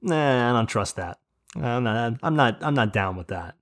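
A man's voice: mid-range voice, expressive, normal speed. A man from New Jersey co-hosting a podcast, rambling through jokey rants with plenty of swearing. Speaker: podcast co-host. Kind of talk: casual chat.

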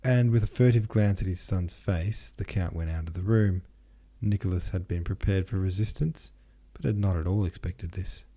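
Low husky guy reading a novel aloud, dark mellow tone. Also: normal speed, few pauses. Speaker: podcast host, reader. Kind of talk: scripted narration.

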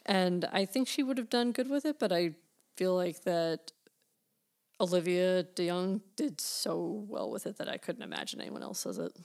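Relaxed American woman, lowish voice. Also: normal speed, creaky. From United States. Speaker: podcast co-host. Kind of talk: casual movie chat.

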